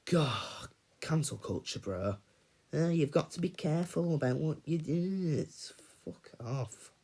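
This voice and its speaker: A man's voice: fairly high pitch, lively intonation, unhurried, gravelly, dark tone, breathy edge. A man hosting a casual livestream, ranting and swearing freely while he chats with viewers. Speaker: livestream host.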